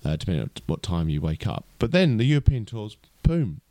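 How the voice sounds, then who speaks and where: A man's voice: fairly low pitch, very animated, brisk, dark tone, no room sound. A man co-hosting a casual podcast chat, rambling with lots of restarts. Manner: chatty, lots of fillers and restarts. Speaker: podcast co-host.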